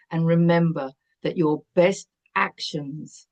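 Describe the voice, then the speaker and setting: Woman tarot reader, soft and calming, lowish voice, gentle guidance. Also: measured pace. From United Kingdom. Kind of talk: spiritual tarot reading to camera.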